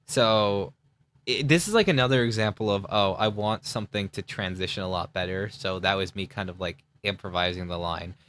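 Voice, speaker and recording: A man's voice: fairly low pitch, pushed and bright. Laid-back young man rambling on stream. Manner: rambling, laughing, filler-heavy. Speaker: streamer reacting to his own parody series. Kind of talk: casual live-stream commentary.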